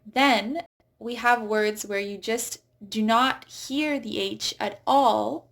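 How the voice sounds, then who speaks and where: A woman teaching English pronunciation, saying example words slowly and carefully. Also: a little high, vocal fry, a bit bright. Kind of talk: pronunciation lesson.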